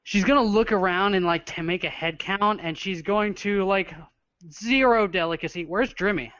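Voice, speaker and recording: A man playing a tabletop game, describing his character in a halting, casual way with many restarts, on a dull lo-fi recording. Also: high voice, a bit bright, smooth, dry recording. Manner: halting, searching for words. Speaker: player.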